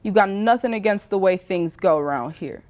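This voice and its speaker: A woman voicing a loud, bullying male small-town official who barks and mocks in an interrogation. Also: sits high, animated, moderate pace. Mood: interrogating. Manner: barking, mocking interrogation.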